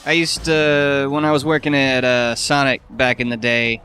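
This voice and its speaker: A man's voice: medium pitch, flat delivery, moderate pace, pushed and bright, soft background music. A man co-hosting a let's play, chatting casually in a laid-back way with wry, dry remarks. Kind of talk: casual gaming commentary.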